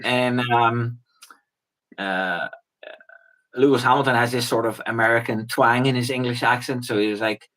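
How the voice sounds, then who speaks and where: A man's voice: medium pitch, steady tone, normal speed, a bit bright, low-quality recording. A man talking as a guest in a casual chat, rambling with fillers and false starts. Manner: rambling, many fillers and restarts, mimics people in quotes.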